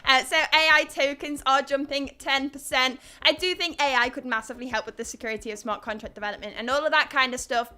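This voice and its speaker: A woman's voice: high voice, steady tone, fast talker, hardly any pauses, bright, forceful tone, smooth. A young woman with a Liverpool accent hosting a live crypto news stream, chatty and reading viewer comments aloud. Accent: Liverpool (Scouse). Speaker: livestream host.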